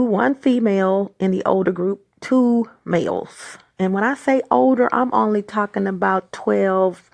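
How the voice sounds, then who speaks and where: A woman's voice: medium pitch, creaky, dry recording, clean studio sound. A woman hosting her own video, delivering a heated, exasperated rant full of stammers and restarts. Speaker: vlog host. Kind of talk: angry personal rant.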